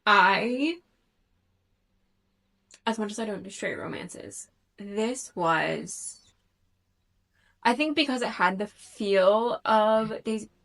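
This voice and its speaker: A woman's voice: mid-range voice, animated, slow, vocal fry, long pauses, fairly bright tone. A thirty-year-old woman chatting casually in a reading vlog, talkative and self-conscious, with frequent fillers and restarts. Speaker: book vlogger.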